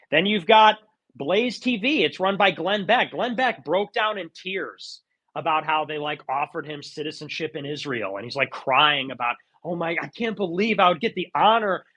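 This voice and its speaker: A man's voice: fairly high pitch, fairly bright tone. A man giving a heated, argumentative monologue in a live audio chat room, pressing his points insistently. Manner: argumentative and insistent, with mocking put-on quotes.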